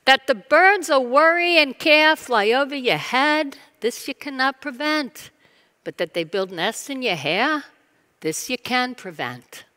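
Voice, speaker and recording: A woman putting on the voice of a middle-aged New York Italian mother, loud, drawn-out and emphatic. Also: high-pitched, animated, pitched above the performer's own voice, heavily acted.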